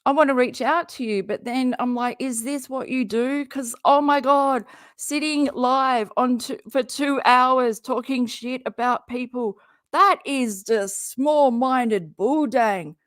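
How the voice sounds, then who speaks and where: A woman's voice: sits high, slow, dry recording, clean studio sound. A woman chatting loosely while reacting live to a stream, rambling, swearing and cutting herself off. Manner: swearing, rambling, self-interrupting, laughing. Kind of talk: casual live reaction commentary.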